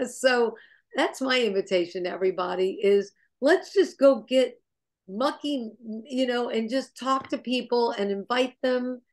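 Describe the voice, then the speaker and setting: A woman sharing business advice on a group call, bubbly and energetic, laughing between points. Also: on the high side, unhurried. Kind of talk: enthusiastic motivational chat.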